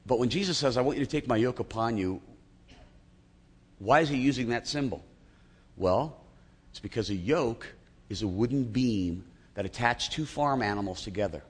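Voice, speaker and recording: A man's voice: mid-range voice, slightly rough, in a large hall. A male pastor preaching a sermon in a church, talking in a conversational, humorous storytelling manner.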